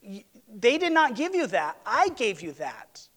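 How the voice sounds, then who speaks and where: A hurt husband pleads with his wife in an earnest, raised voice, as a preacher acts him out. The voice sits high for a man. The delivery is emphatic and heartfelt. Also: animated, measured pace, heavily acted. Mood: pleading.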